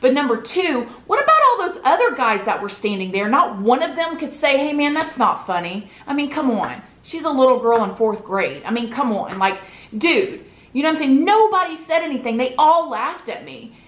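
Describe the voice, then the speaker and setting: A woman's voice: sits high, very animated, normal speed, a bit bright. A woman, a vlogger telling an emotional story from her childhood in an earnest, confiding way, often asking the listener "right?". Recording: echoey room.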